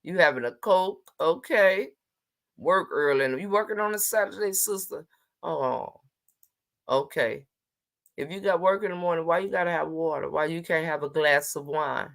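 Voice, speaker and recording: Low-voiced woman hosting a casual livestream. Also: normal speed, gravelly, a bit bright. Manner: chatty, teasing, greets viewers by name. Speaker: livestream host.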